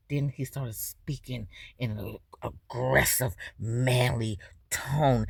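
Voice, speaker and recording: A low-pitched woman talking slowly and deliberately as she comments on a clip. Her delivery is preachy and scolding, and the recording sounds dry and close. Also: gravelly, dry recording. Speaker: commentary host. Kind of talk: drama commentary reacting to a clip.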